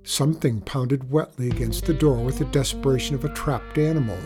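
A man with a husky voice narrating a story in a measured, low-key first-person telling. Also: music in the background.

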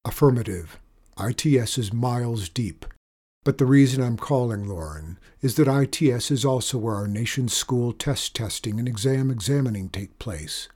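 A secretive army colonel from a storybook, with clipped military phrasing and an official tone, read by a man. The voice sits mid-range and sounds a little husky. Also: medium pitch, normal speed, darkish tone, close to an everyday voice.

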